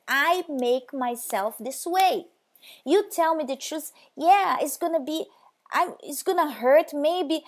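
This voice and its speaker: A woman giving a motivational devotional talk, speaking directly and emphatically to the listener. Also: sits high.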